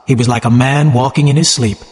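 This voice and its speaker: A man narrating an audiobook for English learners in a measured, clearly enunciated way. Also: medium pitch, steady tone, darkish tone. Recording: long hall reverb.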